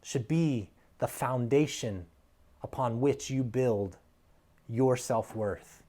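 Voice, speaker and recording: A man preaches from the pulpit in a voice of middle pitch. He talks earnestly and with emphasis, easing into soft, near-quiet lines and then building back to strong peaks. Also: slow pace. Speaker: pastor. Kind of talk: sermon.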